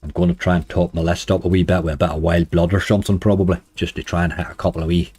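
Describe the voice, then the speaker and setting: A hoarse man with a Northern Irish accent, chatting casually to viewers on a live stream. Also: deep voice, flat delivery, very fast, a little mellow, no echo. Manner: chatty, uses "wee" and "like" often. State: hoarse, dry throat. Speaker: slots streamer.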